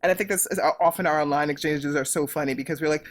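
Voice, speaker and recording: A middle-aged woman speaks as a podcast guest, with a somewhat low voice. She drives her points home emphatically, repeating phrases with lively force. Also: quick pace. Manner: emphatic, repetitive and animated. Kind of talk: political conversation.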